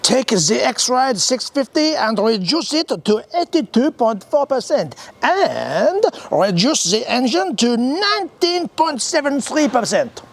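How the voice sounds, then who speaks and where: A man voicing a shouting man from a design department, barking orders in a raised voice. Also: very high-pitched, sing-song, slow, vocal fry, few pauses, pitched above the performer's own voice, heavily acted. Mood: bossy shouting.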